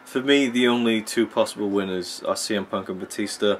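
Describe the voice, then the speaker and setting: A man's voice: lowish voice, a little fast, a little hiss or hum. A man ranting casually about wrestling as he watches a match, opinionated and rambling, with plenty of fillers. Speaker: wrestling vlogger.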